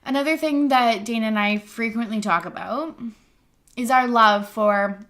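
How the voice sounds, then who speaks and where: A woman's voice: a little high, moderate pace, a bit bright. A young adult woman hosting a podcast in casual chat, filling her talk with "like" and "yeah" and laughing as she goes. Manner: chatty, frequent "like" and "yeah", laughs mid-sentence. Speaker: podcast host.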